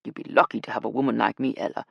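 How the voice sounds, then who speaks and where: A woman's voice: extremely low pitch, fairly even intonation, rapid-fire, gravelly, slightly rough, dry recording, lo-fi sound, pitched below the performer's own voice, full character voice. Woman doing a brash, bossy older lady. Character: blunt, teasing older woman.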